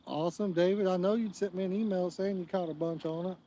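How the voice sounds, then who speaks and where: A man's voice: high-pitched, fairly even intonation, fast, dark tone, a little hiss or hum. A man hosting a live fishing stream outdoors, chatting and joking in a rambling, casual way. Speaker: fishing channel host.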